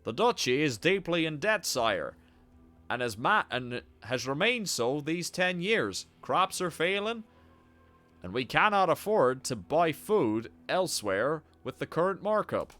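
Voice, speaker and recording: A man's voice: on the high side, sing-song, unhurried, a bit bright, soft background music. A man voicing an anxious middle-aged duke who pleads earnestly and deferentially. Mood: pleading. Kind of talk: reading game dialogue aloud with voices.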